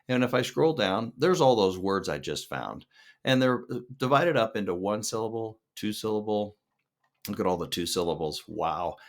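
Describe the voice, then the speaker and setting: A man's voice: on the low side, a bit bright. A man teaching a songwriting lesson as a screen-share tutorial, explaining step by step and checking in with the listener. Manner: upbeat, explanatory, checks in with "okay?".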